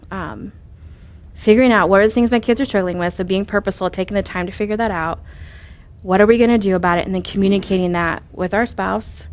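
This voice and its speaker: Earnest woman coaching on parenting. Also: mid-range voice. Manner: earnest and coaching, with rhetorical questions and fillers. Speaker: parenting speaker. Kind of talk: instructive talk on parenting.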